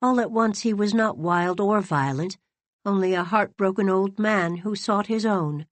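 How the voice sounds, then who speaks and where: A woman reading a novel aloud as an audiobook narrator, in an expressive, dramatic storytelling manner. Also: mid-range voice, a little slow, dry recording. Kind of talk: scripted narration.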